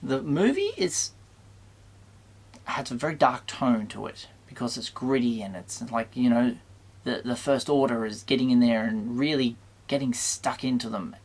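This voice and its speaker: A man hosting his own channel, giving a casual, conflicted film review to the camera with many halting restarts. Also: mid-range voice, fairly even intonation. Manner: mildly exasperated, conflicted.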